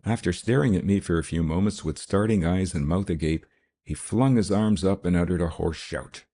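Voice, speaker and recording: A man reads a classic mystery audiobook in a low, dark voice. His delivery is even and formal, with a husky edge. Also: normal speed. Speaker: audiobook narrator. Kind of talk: first-person scripted narration.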